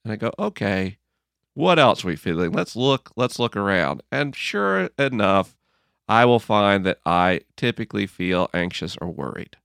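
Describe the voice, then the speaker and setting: Earnest man with a lowish voice. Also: very animated, a little slow, gravelly, clear, resonant tone, dry recording, clean studio sound. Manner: earnest, gently humorous, acts out inner dialogue. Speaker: author being interviewed. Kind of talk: reflective conversational storytelling.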